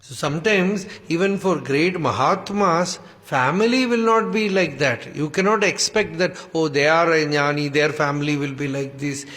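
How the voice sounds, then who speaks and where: A man giving an unhurried, reflective spiritual discourse, reciting Sanskrit verses as he explains them. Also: fairly high pitch, fairly bright tone. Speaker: spiritual teacher. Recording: echoey hall reverb.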